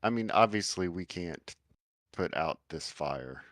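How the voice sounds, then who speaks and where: A man playing a tabletop game over an online call, thinking aloud with many pauses and laughs. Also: low voice, expressive, fairly bright tone, dry recording, clean studio sound. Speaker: player. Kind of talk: casual game table chat.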